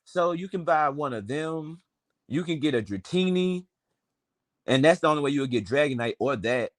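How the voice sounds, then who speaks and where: His voice is a little high with lively intonation at a normal speed. He's a twenty-something from Memphis, Tennessee, with a Southern accent, casually chatting on a stream full of profane slang and drawn-out, wandering stories.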